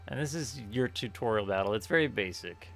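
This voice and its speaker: A man's voice: medium pitch, animated, a little fast, creaky, a bit bright, faint music behind. A man streaming a game playthrough, joking casually and reading on-screen text aloud.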